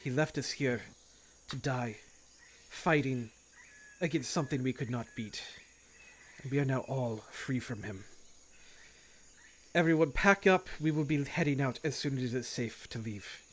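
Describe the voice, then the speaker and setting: A man voicing a stern woman of faith who leads camp survivors, speaking in calm, firm declarations. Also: mid-range voice, measured pace, pauses often, a little hiss or hum, close to an everyday voice.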